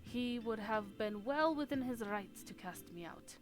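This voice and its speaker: A woman's voice: fairly low pitch, normal speed, music in the background, lightly acted. A woman voicing a male hunter in a mock Russian accent, speaking in formal, archaic phrases. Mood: grave, grateful.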